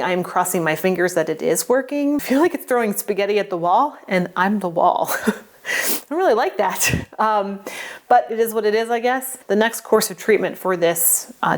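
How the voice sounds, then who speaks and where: A woman in her forties talking earnestly in a personal vlog, halting and restarting often, emotional and close to tears at times. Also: medium pitch. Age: 40s. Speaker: vlogger sharing a health update. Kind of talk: personal vlog talk to camera.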